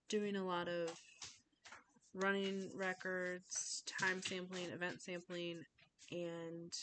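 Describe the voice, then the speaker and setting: A woman's voice: on the low side, fairly bright tone, a little hiss or hum. A young woman giving an informal class speech, chatty, often acting out little conversations in voices.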